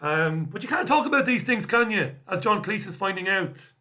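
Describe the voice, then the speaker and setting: A man's voice: high-pitched, expressive, moderate pace, sharp tone. A man hosting a live stream, reading out viewer comments and answering them bluntly, swearing now and then. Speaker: host.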